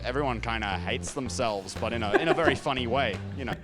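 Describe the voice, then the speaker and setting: A man giving relaxed, thoughtful street-interview answers, hedging often with "sort of". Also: medium pitch, fast talker, loud music behind the voice.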